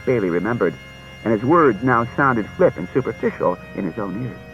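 A man narrating an audiobook in a steady storytelling manner, on a dull lo-fi recording. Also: medium pitch, fairly quick, faint music behind. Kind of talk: audiobook reading.

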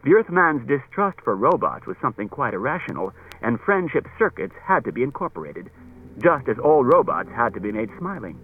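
A man's voice: mid-range voice, sing-song, brisk, breathy edge. Man reading an audiobook on tinny tape. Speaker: audiobook narrator. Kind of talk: scripted audiobook narration. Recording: tinny narrow-band cassette tape, faint music.

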